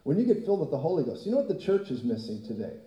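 A man preaching a sermon in animated storytelling, laughing often. His voice is dark and mellow, pitched a little high. The sound rings through an echoey church hall. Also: racing, highs cut off. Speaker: pastor.

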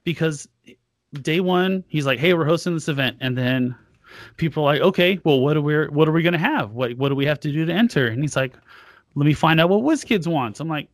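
A man's voice: a little high, animated, brisk, no room sound. Man, podcast co-host, casual chat, rambling, frank, dry close sound.

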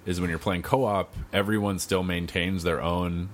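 A man's voice: low-pitched, fairly even intonation, measured pace, a little hiss or hum. A young adult man co-hosting a casual gaming podcast, laid-back, swearing freely and trailing off with ums. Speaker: podcast co-host. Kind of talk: casual chat.

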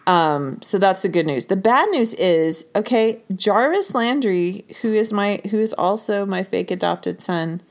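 A woman co-hosting a casual podcast. She talks about football in a playful, teasing way. Her pitch sits in the middle range. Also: expressive, measured pace, hardly any pauses. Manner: playful, teasing, chatty sports talk. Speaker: podcast co-host.

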